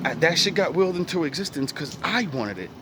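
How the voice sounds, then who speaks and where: A man speaks in a loose, rambling monologue, his voice sitting slightly high. He talks in profane street slang, with faint background noise behind him. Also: big pitch swings, brisk, pushed and bright. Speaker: vlogger. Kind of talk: casual reflective monologue.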